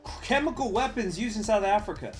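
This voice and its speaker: Male game streamer, slightly higher voice, chatty, with loud cursing outbursts, light music behind. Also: expressive, fast. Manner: chatty, reads game text aloud, bursts into loud swearing surprise. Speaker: gaming streamer. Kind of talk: live-stream commentary of a strategy game.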